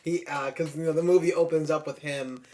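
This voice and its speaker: Man, higher-pitched, podcast co-host, casual film chat, excitable, swears. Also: fairly quick. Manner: excitable, swears freely, many fillers.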